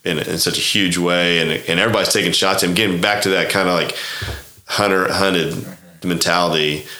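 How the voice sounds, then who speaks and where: A man's voice: low-pitched, fairly even intonation, a little fast, pushed and bright, roomy sound. A man in his fifties from Oklahoma, a golf club director telling stories as a guest, rambling and acting out quoted conversations. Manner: rambling, acts out quoted dialogue, frequent restarts. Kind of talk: casual storytelling interview.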